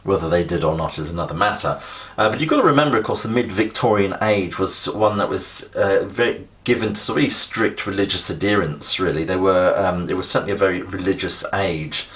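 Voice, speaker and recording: Man, low voice, middle-aged, literature teacher, conversational, lots of fillers and restarts. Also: fairly quick, a bit bright. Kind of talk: exam revision lesson.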